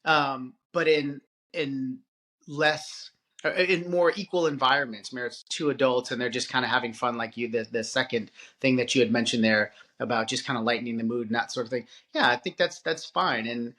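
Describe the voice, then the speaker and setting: A man co-hosting a parenting podcast, talking casually and in an animated way, often restarting his sentences. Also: mid-range voice. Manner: animated, halting with restarts and filler. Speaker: podcast co-host. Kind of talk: casual conversation.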